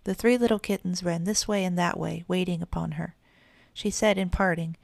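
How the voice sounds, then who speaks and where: A woman reads a children's bedtime story aloud in an even, measured way. Her voice is low and gravelly. The recording is close and completely dry. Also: no room sound. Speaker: narrator.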